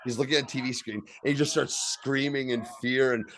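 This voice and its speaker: A man's voice: medium pitch, steady tone, a little fast, fairly bright tone, a little hiss or hum. A man in casual group chat, joking around, swearing freely and laughing often. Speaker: co-host.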